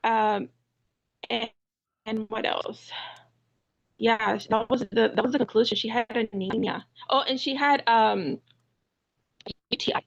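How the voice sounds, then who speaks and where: A woman caller from Texas, hesitant and full of ums, laughing softly. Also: a little high, steady tone, measured pace, gravelly, long pauses, muffled recording. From Houston, Texas.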